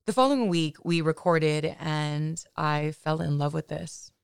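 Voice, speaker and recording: A woman's voice: low-pitched, unhurried, gravelly, clear, resonant tone, dry recording, clean studio sound. A woman podcast host telling a personal story in a candid, chatty way, often adding "you know" asides.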